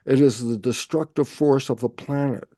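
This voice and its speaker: A man speaking as an interview guest, explaining in an animated way and answering his own rhetorical questions. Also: mid-range voice, normal speed, no room sound, studio quality.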